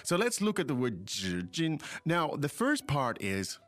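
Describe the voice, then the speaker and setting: Unhurried and fairly bright, this man's voice sits on the high side and swoops wildly in pitch. A native English speaker, he hosts a language podcast, chatting casually as he explains phrases and nudges his co-host along.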